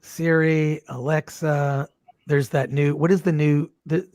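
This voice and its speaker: A man's voice: on the high side, flat delivery, takes it slowly, a little mellow, dry recording, clean studio sound. A man hosting an online watch party, joking around and reading viewer comments aloud on a video call. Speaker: host. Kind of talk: casual watch-party chat.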